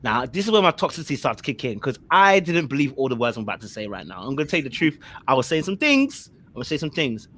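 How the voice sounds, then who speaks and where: A young man telling a story on a podcast panel. He talks in animated bursts of slang and keeps repeating himself. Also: medium pitch, fast talker, few pauses. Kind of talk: casual storytelling.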